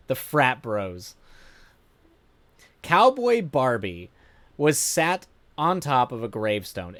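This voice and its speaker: A man streamer reading a viewer's story aloud, with animated laughing asides and frequent self-corrections. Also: medium pitch, no room sound.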